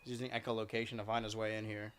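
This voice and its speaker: A man's voice: fairly low pitch, flat delivery, rapid-fire, a bit bright, clean tone. Chatty male streamer cooing at cats. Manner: chatty, coos and baby-talks to his cats. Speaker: live streamer. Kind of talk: casual stream chat.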